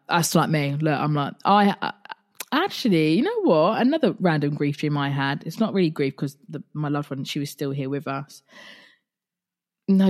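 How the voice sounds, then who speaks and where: A woman, hosting a podcast in casual chat, reading listener stories and retelling her own with laughs. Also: low-pitched. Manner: chatty, laughing, animated retelling. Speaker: podcast host.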